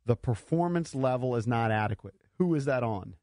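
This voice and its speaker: A man's voice: mid-range voice, lively intonation, normal speed, warm tone, dry recording, clean studio sound. Opinionated sports radio host, man. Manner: opinionated, talks over others. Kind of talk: casual sports talk.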